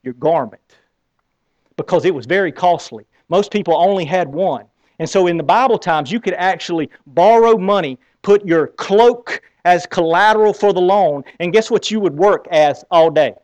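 Animated Southern preacher, higher voice. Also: male voice, normal speed, dry recording, muffled recording. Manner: animated storytelling, acting out scenes. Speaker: pastor. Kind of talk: sermon.

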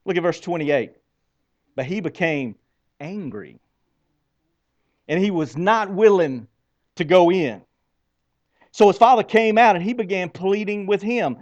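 A high-voiced man preaching a sermon, lively and questioning, often repeating words as he builds a point. He reads scripture aloud with dramatic pauses. The recording sounds dull and lo-fi. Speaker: pastor.

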